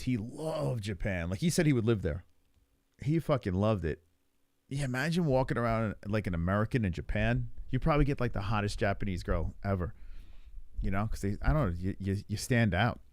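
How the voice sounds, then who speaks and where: A man in his forties with a New York accent, rambling and swearing in casual live stream chat while high, chuckling often. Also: lively intonation, brisk, a little mellow, dry recording, studio quality. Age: 40s.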